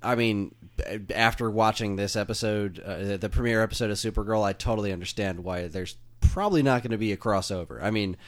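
A man co-hosting a casual podcast about television, talking in an animated, rambling way with many restarts. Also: on the low side, brisk, hardly any pauses. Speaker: podcast co-host. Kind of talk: casual chat.

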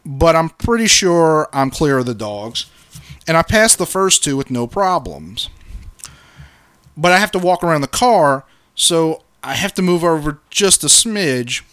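A man's voice: fairly high pitch, unhurried, clean tone, no room sound. A man co-hosting a podcast, telling a story in casual chat, swearing freely and acting out what people said. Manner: profane, animated, acts out quotes. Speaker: podcast co-host.

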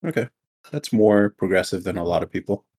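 Male podcast host, lowish voice, casual and teasing, voice-chat recording. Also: lively intonation, a little fast, a little mellow, slightly rough. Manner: joking, teasing, laughs often. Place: home, separate rooms.

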